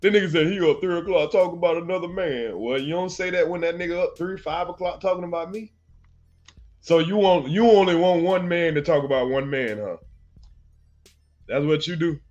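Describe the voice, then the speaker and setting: Man, stream host, mocking commentary, slightly high voice, dull lo-fi sound, faint music behind. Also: fairly quick, a little mellow. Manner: taunting, laughs between jabs, addresses viewers as sir. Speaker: host of a reaction channel.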